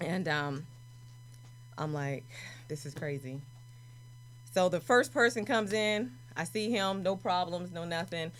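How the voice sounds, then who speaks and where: A woman guest in a casual interview, telling stories and acting out the people in them with lively energy. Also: on the low side, measured pace. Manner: animated, acts out voices in her stories. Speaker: guest, prison doctor.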